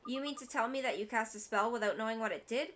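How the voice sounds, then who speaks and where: A woman's voice: a little high, fast, a bit bright, a little hiss or hum, close to an everyday voice. A woman voicing a cheeky, teasing little boy in a game.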